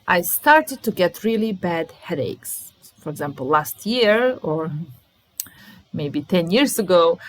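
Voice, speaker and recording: English teacher, woman, Serbian accent, slightly low voice, unhurried and repetitive. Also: fairly bright tone, poor audio. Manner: repeats example sentences slowly, explaining them. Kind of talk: language lesson.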